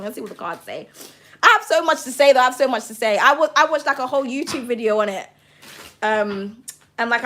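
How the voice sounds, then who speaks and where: Excitable high-voiced woman reading tarot. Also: slight background noise. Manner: bubbly and excitable, swears casually, calls viewers darling. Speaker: tarot reader on a livestream. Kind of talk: casual livestream reading.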